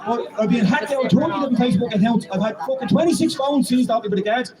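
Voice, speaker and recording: A high-pitched Irish man rattles off a rousing, swear-laden speech at rapid speed. His voice comes from some distance away and echoes around an outdoor street, with a loud crowd around him. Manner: profane, rousing, rising to shouts. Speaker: protest speaker. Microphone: public microphone and PA.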